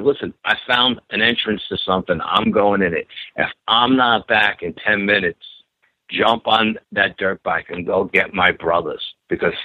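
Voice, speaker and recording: Animated man on a tinny phone line. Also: low voice, dry recording. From New York. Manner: animated, repeats himself, acts out quotes. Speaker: guest telling an encounter story. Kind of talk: phone-in storytelling.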